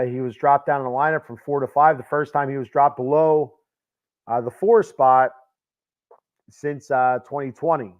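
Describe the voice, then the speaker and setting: A man's voice: mid-range voice, clean tone. A man hosting a casual solo sports podcast, rambling and self-deprecating, with lots of fillers and restarts. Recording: dull lo-fi sound.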